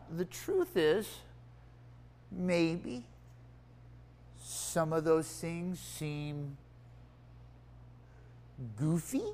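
A preacher reading scripture and retelling a Bible story in an animated, playful sermon style. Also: medium pitch.

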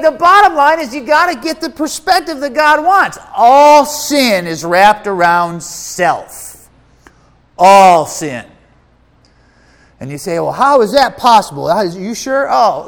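A man preaching a sermon as pastor, emphatic and animated, slipping into whiny voices to mock self-centered complaints. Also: very high-pitched, long reverb tail. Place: church.

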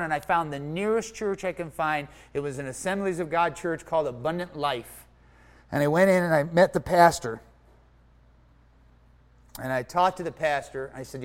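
A man preaching from his own story, his voice sitting a little high for a man. He acts out what he thought at the time and swings between loud, punchy lines and near-whispers. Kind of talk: sermon testimony.

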